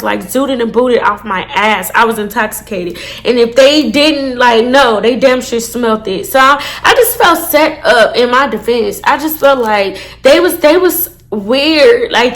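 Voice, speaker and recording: A woman telling a casual storytime to her viewers, animated and full of swearing. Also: fairly high pitch. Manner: animated, swears a lot, addresses viewers as y'all. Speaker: storytime vlogger.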